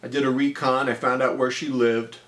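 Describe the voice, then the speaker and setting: Man, 40s, personal storytelling, deadpan humor, casual, frequent fillers. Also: mid-range voice, normal speed.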